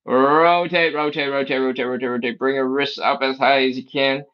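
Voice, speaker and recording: A man's voice: medium pitch, fairly even intonation, moderate pace, clear, resonant tone, muffled recording. A man leading a live stretching class, coaching and counting reps aloud in a playful way. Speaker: fitness instructor.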